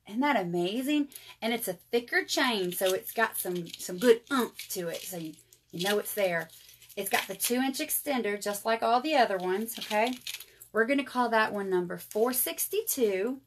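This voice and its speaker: A woman, hosting a casual live jewelry sale and chatting to viewers. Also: a little high. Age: 30s. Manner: chatty, addresses viewers as y'all. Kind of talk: casual live sales chat.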